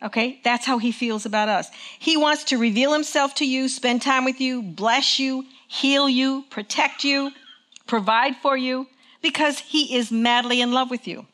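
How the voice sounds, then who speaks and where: Lively woman preacher asking "okay?". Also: high-pitched, unhurried. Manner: conversational, engaging the congregation with frequent "okay?". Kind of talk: sermon. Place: church with congregation.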